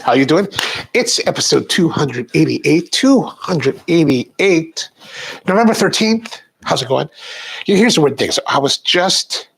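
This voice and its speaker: A man's voice: on the high side, expressive, moderate pace, vocal fry, a bit bright, husky. A stuffed-up man hosting a casual live coffee show, chatting straight to his viewers. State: stuffed-up sinuses. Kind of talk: casual live-stream chat.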